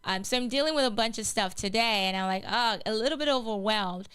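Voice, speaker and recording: A woman with a fairly high, slightly bright, clean voice speaks a little fast, with no room sound. As host of a gospel radio show, she offers a casual, heartfelt personal testimony, earnest and marked by many repetitions and restarts.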